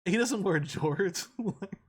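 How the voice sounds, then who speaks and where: A man's voice: high voice, lively intonation, slow, husky. Man chiming in on a movie chat. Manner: short agreeing replies. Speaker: podcast co-host. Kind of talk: casual movie recap chat.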